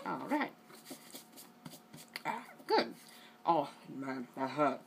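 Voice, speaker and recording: A man voicing an older male ringside announcer who has been hit, in a deliberately bad put-on British accent. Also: mid-range voice, very animated, gravelly, fairly bright tone, a little hiss or hum, heavily acted. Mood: pained.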